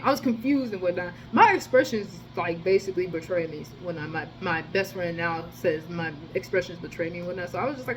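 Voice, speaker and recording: A woman telling a rambling personal story in a casual, profane monologue, with sudden jumps in loudness. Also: medium pitch, expressive, fairly quick, a little hiss or hum, rough recording. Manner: rambling, slangy and profane, with many restarts. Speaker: storyteller vlogger.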